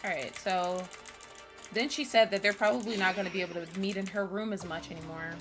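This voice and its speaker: A woman's voice: mid-range voice, fairly even intonation, fairly quick, over music. A woman streamer casually recapping a video game story, chatty and giggly, with loose swearing. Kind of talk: casual let's-play recap.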